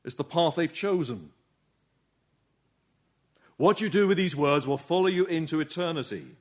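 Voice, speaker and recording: A man's voice: a little high, moderate pace. A man preaching a sermon, earnest and urging, often putting rhetorical questions to his listeners.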